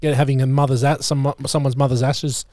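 A man's voice: mid-range voice, little pitch movement, a little fast, darkish tone, dry recording. A man co-hosting a podcast in casual chat, throwing in dry, teasing quips. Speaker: podcast co-host.

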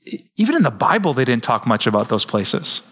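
A middle-aged man, preaching a sermon as pastor in a lively, joking way. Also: mid-range voice, brisk, breathy edge. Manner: lively, joking, with frequent laughs.

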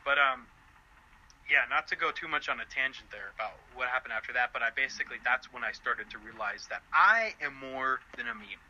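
A young man telling a story as a podcast guest, animated and laughing often. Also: brisk, highs cut off, a little hiss or hum. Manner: animated, laughing often, voice jumping high in quotes. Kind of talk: casual storytelling chat.

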